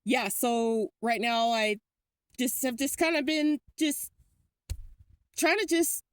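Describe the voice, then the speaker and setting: A woman's voice: fairly high pitch, slow pace, clear, resonant tone, no room sound. A woman from California, rambling anxiously and swearing into her phone outdoors at night. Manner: rambling, frightened, swears a lot. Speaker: vlogger. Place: outdoors at a car wash at night. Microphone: phone held while talking.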